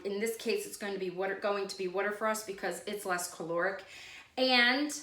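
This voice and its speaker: A woman hosts a home cooking demonstration in a casual, chatty way, often drifting into side stories. Her mid-pitched voice rings in a roomy, echoey kitchen with a faint hiss of background noise. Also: a bit bright. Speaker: cooking channel host.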